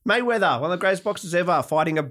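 Man, animated storyteller, swooping lively pitch, does voices. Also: racing. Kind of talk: casual chat.

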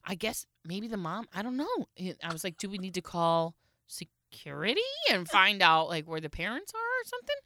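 Animated woman telling a lively story. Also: medium pitch, normal speed, slight background noise. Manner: animated storyteller who acts out quoted lines. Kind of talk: casual chat, telling an anecdote.

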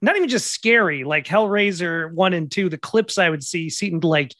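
A man in his forties with a slightly higher voice, recorded very dry and close, hosts a podcast. He comes across as curious and affable, trading remarks with his guest. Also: lively intonation, moderate pace, fairly bright tone, no echo. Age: 40s. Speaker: podcast host. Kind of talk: casual interview chat.

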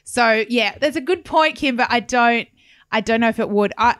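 A woman's voice: a little high, normal speed, a bit bright, no echo, clean studio sound. A woman in her forties, a podcast co-host, telling stories in casual chat with lots of asides. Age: 40s. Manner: chatty storytelling with asides.

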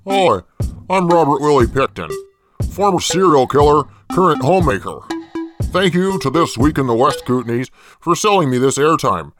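A man's voice: on the high side, normal speed, over music. A man playing a creepy profane jailed killer. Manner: deadpan, rambling, creepy, profane. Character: creepy jailed male killer hosting a cheap local ad. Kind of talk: comedy parody ad.

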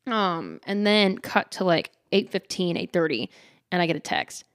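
With a fairly low voice at normal speed, this woman hosts her own podcast and spins a casual story, giggling, chatting, and leaning on "like." She acts out characters in lively, playful quoted voices, and the studio-quality recording has no room sound.

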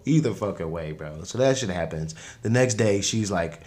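A podcast host with a voice on the low side and a bit bright recaps a movie in casual slang, rambling, frequently restarting, and laughing.

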